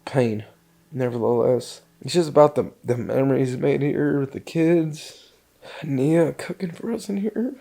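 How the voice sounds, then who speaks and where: A man's voice: medium pitch, measured pace, creaky, warm tone. A middle-aged man vlogging on his last day at his cabin, choked up and sighing as he talks to himself. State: tearful. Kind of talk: emotional personal vlog.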